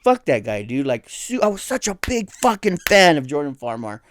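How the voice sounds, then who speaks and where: A man's voice: a little high, sing-song, moderate pace, slight background noise. A young man co-hosting a casual podcast, telling a story in an indignant, profane way. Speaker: podcast co-host.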